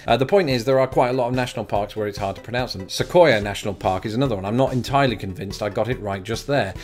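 A man's voice: lowish voice, fast, soft background music. A young English man hosting a casual vlog, talking with wry, self-deprecating asides. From England. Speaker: YouTube host.

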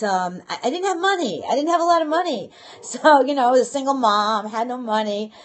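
A middle-aged woman from New York, hosting a casual live stream from her home office, chatting, laughing and greeting viewers by name. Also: medium pitch. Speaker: livestream host.

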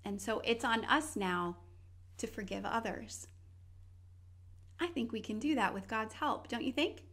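A woman's voice: on the high side, expressive, a little slow, fairly bright tone. A woman presenting a scripted Bible lesson for children, speaking to them directly in an encouraging way.

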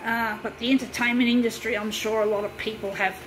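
A woman's voice: on the high side, level tone, fast talker, a little hiss or hum, low-quality recording. A woman in a heated, profanity-laden monologue, ranting repetitively to her viewers. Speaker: vlogger. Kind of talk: angry monologue rant.

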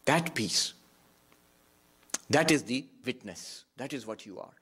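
A monk giving a reflective spiritual talk, repeating key phrases for emphasis. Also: male voice, mid-range voice, animated, slow pace, sharp tone, husky. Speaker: monk and Vedanta teacher.

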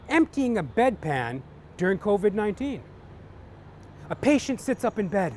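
Rambling stand-up comic, lively voice. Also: male voice, sits high, moderate pace, long pauses, slight background noise. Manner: rambling, full of "you know". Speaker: stand-up comedian. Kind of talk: stand-up joke telling.

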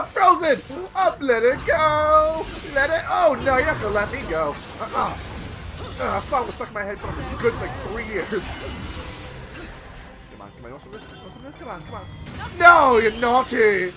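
A young man giving excitable, swear-filled commentary while playing a video game. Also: high voice, quick pace, vocal fry, pauses often, poor audio. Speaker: let's play gamer. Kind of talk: live gameplay commentary. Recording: loud game music behind voice. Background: game music.

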